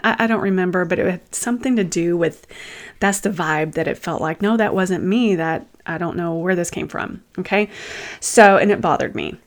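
A woman with a slightly low voice recounts a personal story in an unhurried, reflective way. She often pauses and rephrases as she talks. She adds candid, self-deprecating asides. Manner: thoughtful, unhurried, often pausing and restarting. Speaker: host sharing personal experiences.

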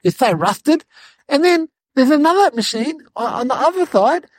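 A woman voicing an eight-year-old city boy, telling a rambling comedic story in a whiny, excitable way. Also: sits high, moderate pace, no room sound. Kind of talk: comedic character monologue.

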